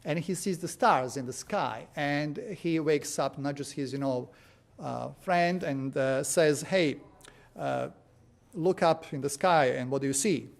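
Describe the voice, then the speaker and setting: Man, high-pitched voice, sermon, storytelling, fillers. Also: unhurried, gravelly. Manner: storytelling, frequent "uh" and "you know". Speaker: preacher. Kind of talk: sermon with anecdotes.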